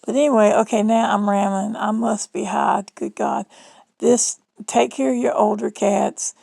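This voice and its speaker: A woman's voice: mid-range voice, steady tone, moderate pace, vocal fry, a little mellow, dry recording, low-quality recording. A middle-aged woman with a Southern US accent, talking in a chatty, rambling, folksy way in a casual vlog monologue. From Southern United States. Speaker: vlogger.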